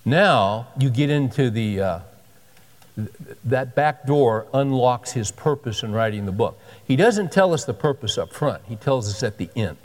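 Emphatic preacher in a big hall. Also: male voice, mid-range voice, animated, a little slow. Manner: conversational, emphatic preaching with repetitions. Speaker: pastor. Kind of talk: sermon. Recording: long hall reverb.

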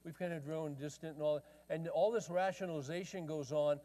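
A man's voice: a little high, fairly even intonation, brisk, warm tone. A middle-aged man preaching a sermon as a pastor, telling a story in a conversational way and quoting both sides of a dialogue. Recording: long reverb of a large hall.

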